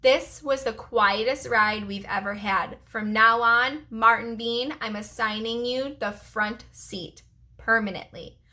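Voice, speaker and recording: A woman's voice: a little high, steady tone, slow, sharp tone. A woman reading aloud, voicing a stern woman bus driver who gives firm orders. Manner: firm, commanding.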